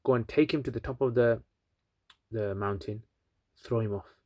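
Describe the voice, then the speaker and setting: A man's voice: mid-range voice, normal speed, warm tone, dry recording, clean studio sound, lightly acted. A man voicing an evil, proud king from a retold story, barking orders and scoffing. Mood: commanding.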